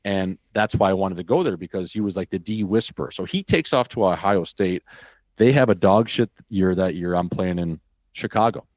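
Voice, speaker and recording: A man from Wisconsin tells a story as a podcast guest, animated and full of profanity. His voice sits low, and the recording is dry and close. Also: moderate pace, no room sound. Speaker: podcast guest, former hockey player. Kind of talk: casual storytelling.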